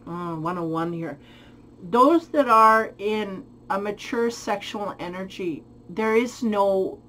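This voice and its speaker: A woman's voice: medium pitch, a bit bright, a little hiss or hum, poor audio. A woman giving a spiritual tarot reading who muses aloud, searches for her words and often breaks into light laughter. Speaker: tarot reader.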